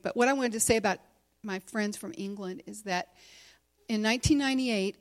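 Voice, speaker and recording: A middle-aged woman speaking candidly to a women's gathering, sharing a personal testimony in a conversational way with many fillers. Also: mid-range voice. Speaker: conference speaker and teacher.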